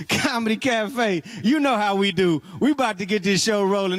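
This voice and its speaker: A man's voice: high voice, moderate pace, hardly any pauses. A man hosting a comedy show, riffing a joke and then hyping the crowd to bring on the next comic. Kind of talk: hype stand-up emcee.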